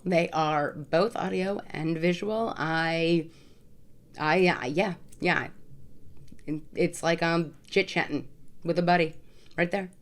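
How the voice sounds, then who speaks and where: A woman vlogger answering viewer questions in a casual, frank way, often repeating words for emphasis. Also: low voice. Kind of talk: casual Q&A to camera.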